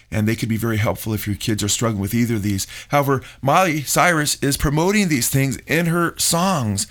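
A man's voice: mid-range voice, fairly bright tone. A middle-aged man, a pastor hosting a radio talk show, preaching emphatically and calling his listeners folks.

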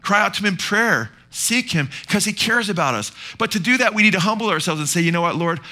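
A male pastor with a Californian accent, preaching a sermon to his congregation in an animated way and breaking off into quick asides to the church. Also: sits high.

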